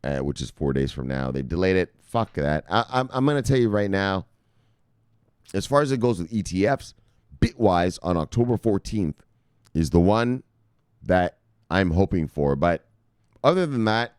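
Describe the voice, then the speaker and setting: A man's voice: deep voice, normal speed, smooth, no room sound, clean studio sound. Brash, swearing man riffing on markets. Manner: brash, swearing, animated, excited shout-outs. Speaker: crypto news show host. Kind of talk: casual profane market commentary to viewers.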